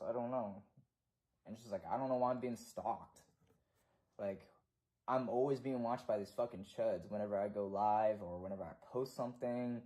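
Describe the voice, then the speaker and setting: A man's voice: medium pitch, mellow. A young American man ranting profanely and repetitively in a casual livestream.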